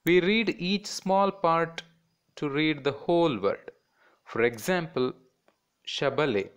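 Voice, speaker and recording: A man's voice: a little high, takes it slowly, smooth. A man teaching a children's class in Indian English, patiently repeating words and breaking them into syllables.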